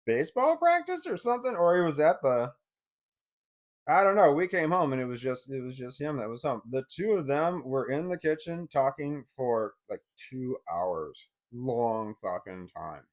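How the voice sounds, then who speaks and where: A middle-aged man speaks in a blunt, heavily profane way, telling a personal story straight to camera. His voice sits at an ordinary pitch for a man. He swings between heated outbursts and low, bitter muttering. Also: big pitch swings, normal speed.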